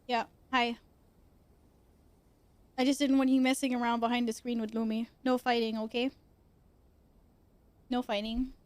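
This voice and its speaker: A woman's voice: on the high side, level tone, unhurried, long pauses, no room sound. A young woman streaming from her computer at home, chatting casually, swearing freely and cooing at her cats. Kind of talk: casual chat.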